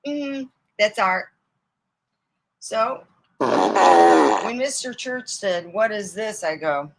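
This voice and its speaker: A middle-aged woman from Michigan telling rambling comic stories, swinging between loud outbursts and mutters and laughing at her own jokes. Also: medium pitch, very animated, drawn-out words, creaky, long pauses, poor audio. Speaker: comedy storyteller. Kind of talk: casual comic storytelling.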